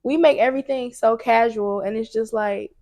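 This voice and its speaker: Chatting casually as a podcast host, this young woman brings her stories to life by acting out the quotes. She has a fairly high-pitched voice and keeps a moderate pace.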